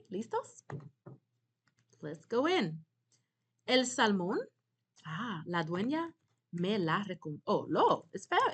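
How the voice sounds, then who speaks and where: Woman teaching a grammar lesson. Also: mid-range voice. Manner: explains step by step, talks to students. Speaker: Spanish teacher. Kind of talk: instructional lecture.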